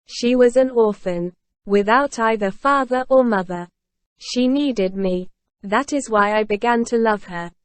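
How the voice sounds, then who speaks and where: A woman voicing a grave, calm older male ex-convict in a storybook reading, delivered in a measured, solemn way. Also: on the high side, no room sound, natural voice.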